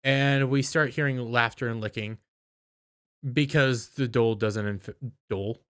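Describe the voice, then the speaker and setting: A tired man giving a casual, rambling spoken recap of a TV episode, with halting restarts. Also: mid-range voice, steady tone, fairly bright tone, clean tone. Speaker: video reviewer.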